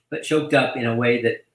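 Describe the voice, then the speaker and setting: A man hosting a casual online chat who talks effusively, halting often to restart his sentences. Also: medium pitch, bright, forceful tone, roomy sound, rough recording. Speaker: host welcoming a new agent.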